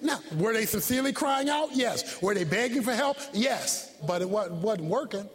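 A man preaching a sermon in a very high voice that leaps all over the place. He shouts key points, then drops suddenly soft and low, and acts out his story with sound effects and rhetorical questions. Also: expressive, normal speed, in a large hall. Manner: emphatic, swings from loud shouting to soft low asides.

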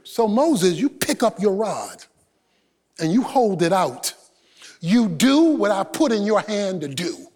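A man preaching a sermon as pastor, emphatic and animated, swinging between loud bursts and hushed asides. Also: high-pitched, slow pace, long reverb tail.

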